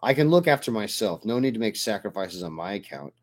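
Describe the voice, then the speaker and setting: A man's voice: lowish voice, sing-song, brisk. A man voicing a curt, defiant woman soldier. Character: sharp-tongued female soldier, guarded and proud.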